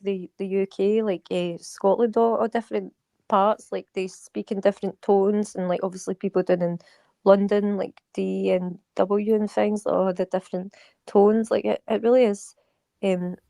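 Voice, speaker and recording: A woman's voice: medium pitch, steady tone, normal speed, gravelly, warm tone, no echo. A woman chatting casually as a panel guest, full of "like" and "you know".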